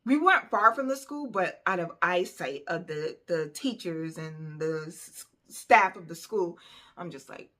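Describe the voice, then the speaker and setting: Woman vlogger, storytime, animated and chatty, low pitch, bright edge. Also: unhurried. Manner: animated, conversational, lots of fillers. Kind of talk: storytime vlog.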